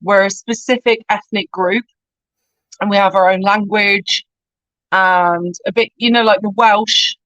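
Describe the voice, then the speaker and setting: A woman's voice: medium pitch, steady tone, unhurried, a bit bright, dry recording, poor audio. A woman from Cornwall with a strong Cornish West Country accent, rambling and chatty as a podcast guest. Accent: Cornish West Country English. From Cornwall, England. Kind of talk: casual conversation.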